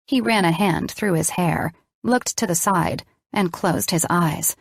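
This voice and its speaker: A woman narrating a romance novel in the first person, steady and measured. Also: lowish voice, vocal fry, slightly rough, no room sound, clean studio sound. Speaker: audiobook narrator.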